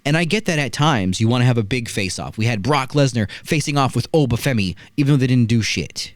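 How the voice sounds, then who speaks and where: Telling the wrestling action as a story, a man hosting a review show speaks a little fast with an animated, swinging pitch. He keeps checking in with rhetorical asides in this casual chat. The recording is dry and close-miked, with very little room sound.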